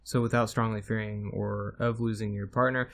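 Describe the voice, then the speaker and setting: A man co-hosting a casual podcast, speaking hesitantly with many ums and slowly searching for his words. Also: on the low side, flat delivery, creaky, fairly bright tone. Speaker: podcast co-host. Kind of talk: casual chat.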